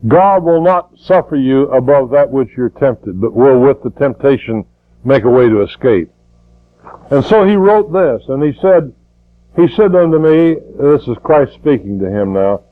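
A man's voice: mid-range voice, expressive, normal speed, phone-quality sound. An older man preaching a sermon in a folksy way, repeating words and rising to fervent emphasis.

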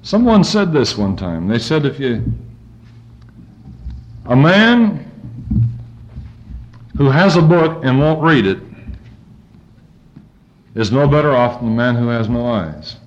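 A man preaching a sermon, reading scripture aloud and swinging his pitch and volume up and down as he goes. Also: big pitch swings, slow pace, long pauses. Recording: dull lo-fi recording.

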